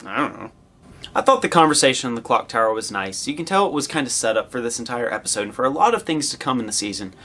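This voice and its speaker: A male show host gives a casual, excited review. His pitch swings widely as he talks, and he rambles through asides before breaking into loud cheers. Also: fast.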